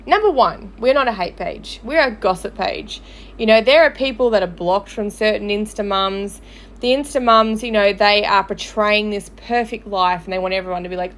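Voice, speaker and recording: A woman hosting a gossip livestream, angry and swearing as she rants. Her pitch sits in an ordinary middle range, and her talk is loose and conversational, full of fillers. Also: expressive, fairly quick. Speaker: gossip page host. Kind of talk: livestream commentary.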